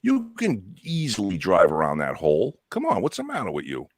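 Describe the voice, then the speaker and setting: A man's voice: sits low, wildly swooping pitch, fairly quick, no echo, studio quality. A man co-hosting a podcast, joking crudely and sarcastically with mock outrage. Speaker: podcast co-host. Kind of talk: crude joking pub banter.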